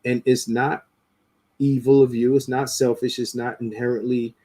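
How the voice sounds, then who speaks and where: A man hosting a podcast, talking casually and profanely, getting animated as he mocks what others say. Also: medium pitch, moderate pace. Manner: animated, profane, rising into mocking quotes. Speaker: podcast host. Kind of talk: casual opinionated talk.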